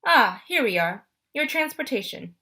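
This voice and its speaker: Woman doing a sneering male monster, formal, cold, audiobook character voice, bright tone. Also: fairly high pitch, very animated, measured pace, breathy edge, voice pushed up, heavily acted. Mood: taunting. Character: menacing male monster posing as teacher.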